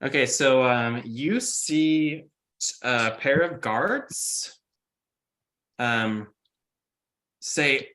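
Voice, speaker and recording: A man's voice: mid-range voice, very slow, long pauses, pushed and bright. A man narrating as game master in a casual tabletop session, describing scenes with many fillers.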